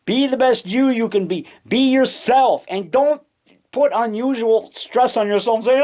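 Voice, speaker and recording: A man rambling excitedly in a casual home vlog, full of restarts and trailing thoughts, recorded on a camcorder in his basement. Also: high-pitched, normal speed. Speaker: low-budget monster moviemaker. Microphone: camcorder mic.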